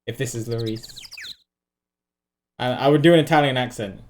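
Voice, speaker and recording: A woman's voice: very deep voice, moderate pace, darkish tone, slight background noise. A woman livestreaming a video game, chatting casually, joking, laughing and thanking viewers. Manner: jokey, laughs often, thanks chat. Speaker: streamer. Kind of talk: casual game live stream commentary.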